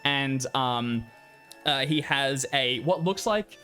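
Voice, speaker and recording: A man's voice: medium pitch, takes it slowly, pushed and bright. Rambling game master man, faint music. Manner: loose, rambling narration with many fillers. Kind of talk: narrating a tabletop game.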